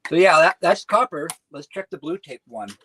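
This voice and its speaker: A man with a slightly high voice chats on a livestream. He retells events in an animated, excitable way. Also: normal speed, noisy background. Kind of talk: casual chat.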